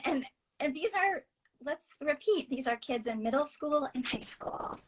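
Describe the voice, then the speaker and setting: Earnest, halting woman author on a podcast, higher voice, telling personal stories. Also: expressive, poor audio. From United States. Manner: earnest, halting, drops softly near a whisper at times. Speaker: author and interview guest. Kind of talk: personal storytelling in conversation.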